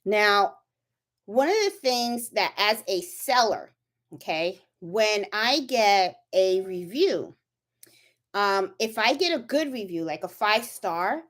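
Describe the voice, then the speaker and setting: A woman's voice: mid-range voice, fairly bright tone. A woman hosting a casual craft livestream, chatty and full of fillers, checking in with viewers. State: a little out of breath. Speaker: channel host. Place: indoors at home, chilly room.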